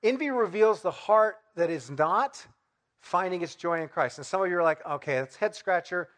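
Man with a high voice, middle-aged pastor, chatty sermon, rhetorical questions. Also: moderate pace, fairly bright tone. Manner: conversational preaching with rhetorical questions and acted-out examples.

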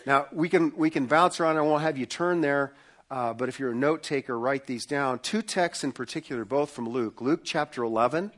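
A man's voice: mid-range voice, a little fast, fairly bright tone. A man giving an earnest sermon as pastor, often repeating words as he builds his point.

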